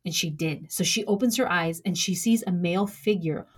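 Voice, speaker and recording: A young woman telling a true crime story from her own life, measured, with dramatic pauses. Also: lowish voice, husky. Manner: measured, dramatic pauses, acts out quoted lines.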